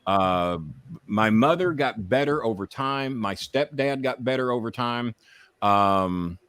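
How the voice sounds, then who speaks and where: This lowish-voiced man is a podcast guest telling candid stories, profane and impassioned, growing heated and animated as he rants. There is no room sound.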